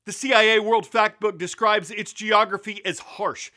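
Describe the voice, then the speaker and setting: A man hosting a news show, reading scripted narration in a crisp, measured delivery. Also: high-pitched, steady tone, sharp tone.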